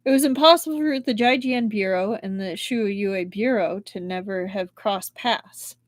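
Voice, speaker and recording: A woman reading a novel aloud on a live stream, expressive, with big changes in loudness. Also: medium pitch, moderate pace, dry recording. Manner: expressive, with strong shifts in loudness. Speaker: book reader and livestream host.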